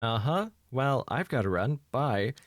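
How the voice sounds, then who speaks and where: A man's voice: mid-range voice, expressive, unhurried, no echo, natural voice. A man reading as a nagging, bitter mother. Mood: complaining. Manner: complaining, exasperated. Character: nagging middle-aged mother, bitter about husband.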